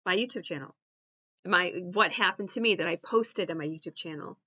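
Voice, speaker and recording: A woman YouTube creator talking back to a video she is playing, halting and repeating herself in casual commentary. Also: fairly low pitch, bright, forceful tone, husky, no room sound, dull audio. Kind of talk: casual commentary over a clip.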